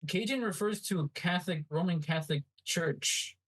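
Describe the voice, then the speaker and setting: A man rambles through casual podcast chat, stopping often to restart his sentences. He fills the gaps with filler words. His voice is a little high for a man. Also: normal speed, a bit bright, poor audio. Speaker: podcast co-host.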